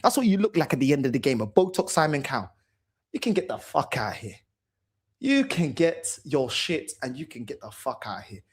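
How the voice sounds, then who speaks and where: A man's voice: medium pitch, big pitch swings, a little fast, husky. A man hosting a fan channel, ranting furiously about his team, swearing and repeating himself. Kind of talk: angry fan rant to camera.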